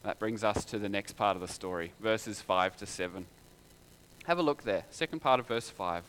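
A man's voice: lowish voice, normal speed, a bit bright, clean tone. A man preaching a sermon in a conversational way, full of rhetorical questions.

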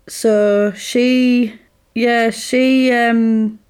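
A woman's voice: on the high side, level tone, very slow, a little mellow, smooth. A woman in casual chat, rambling through a film plot with lots of "like" and "sort of".

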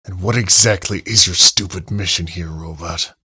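A man voicing an angry young man trapped in a cave, speaking in a cold, intense tone with a husky, creaky voice. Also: sits low, normal speed, a bit bright, exaggerated voice. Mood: cold anger.

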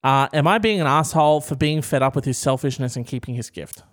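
A man's voice: mid-range voice, fast talker. A man co-hosting a comedy podcast. He reads out a story and teases his co-host in a theatrical way. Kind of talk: casual comedic chat.

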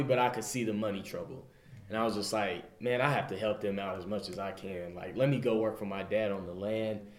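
A young adult man with a fairly low, darkish voice tells a personal faith story to a group in a roomy-sounding space. His casual testimony is earnest and rambling, and he quotes himself with "I was just like."

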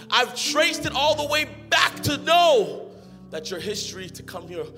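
A young adult man preaching an energetic sermon, rising to shouted, half-sung exhortation. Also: very high voice, measured pace. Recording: music playing behind.

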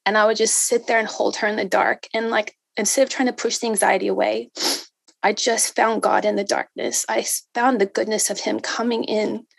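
A woman in her thirties giving a personal faith testimony to a group, emotional and halting, with many fillers and restarts. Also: mid-range voice, flat delivery, vocal fry, breathy edge, no room sound. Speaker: speaker sharing a testimony.

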